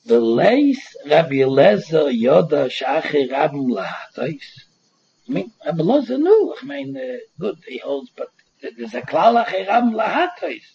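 A man's voice: on the high side, big pitch swings, normal speed, creaky, a little mellow, breathy edge. A man giving a Torah lecture, emphatic and repetitive with a sing-song study cadence. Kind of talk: Talmud lecture mixing Yiddish and Hebrew terms. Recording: dull lo-fi recording.

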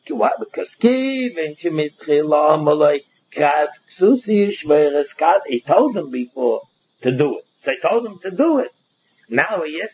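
A man's voice: on the high side, big pitch swings, normal speed, a little mellow, muffled recording, slight background noise. A man teaching a Talmud class, explaining step by step and often repeating words as he goes.

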